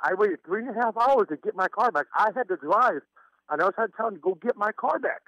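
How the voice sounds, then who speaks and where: A man's voice: high-pitched, animated, quick pace, a bit bright, dry recording. A man calling in to a radio show, telling his story with stammers and nervous laughs. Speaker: caller. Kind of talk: phone-in story. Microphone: telephone. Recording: muffled phone line.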